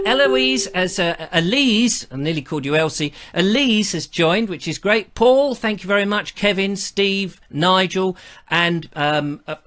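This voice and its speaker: A man's voice: high-pitched, a bit bright. A man hosting a live show in a chatty, jokey, self-mocking way. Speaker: host.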